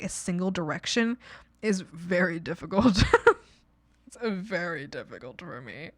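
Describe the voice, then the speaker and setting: A woman's voice: mid-range voice, a bit bright, dry recording, studio quality. Giggly rambling woman streamer. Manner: rambling, giggly, filler-heavy with lots of "like". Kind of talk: casual chat while drawing.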